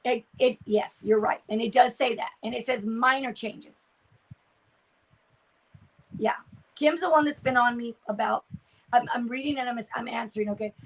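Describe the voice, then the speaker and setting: An older woman chats casually on her craft livestream in a fairly high voice. She reads viewer comments aloud and often trails off while searching for words. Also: normal speed, long pauses, low-quality recording.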